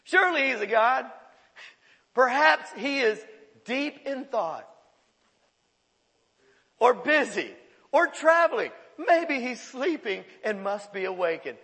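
A man's voice: very high-pitched, lively intonation, a little slow, hardly any pauses, sharp tone, long reverb tail, voice pushed up, exaggerated voice. A man voicing a cocky male prophet who mocks his rivals in a sing-song, raised voice. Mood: mocking.

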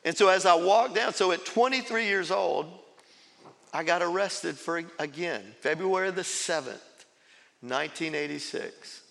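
A man's voice: high voice, a little slow, vocal fry, a bit bright, long reverb tail. A man, a pastor telling his testimony in a sermon, laughing as he tells the story and acting out quotes. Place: large church sanctuary.

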